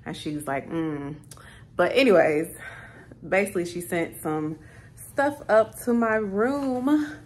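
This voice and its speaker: A woman's voice: medium pitch, unhurried. A thirty-year-old woman chatting casually to her camera in a hotel room, easily moved to tears. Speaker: vlogger. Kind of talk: casual vlog chat.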